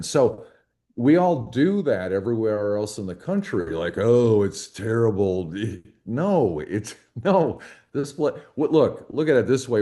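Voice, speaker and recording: A man's voice: fairly low pitch, dark tone. A man talking as a podcast guest and advocate for hunters, in a folksy, emphatic conversational way. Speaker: hunting rights advocate, guest.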